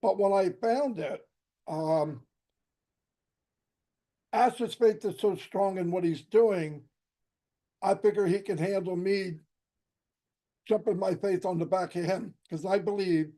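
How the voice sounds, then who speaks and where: A man speaks with a fairly high, mellow voice that is going hoarse. He gives an earnest personal testimony on a group call and often restarts his sentences. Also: slow pace, long pauses. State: losing his voice. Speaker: participant in an online group call.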